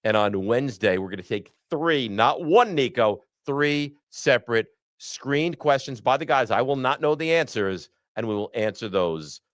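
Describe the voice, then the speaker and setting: Male sports host, mid-pitch, blunt and exasperated, dry studio sound. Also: animated, normal speed, no echo. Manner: frustrated, blunt sports rant. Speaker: podcast host. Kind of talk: sports talk.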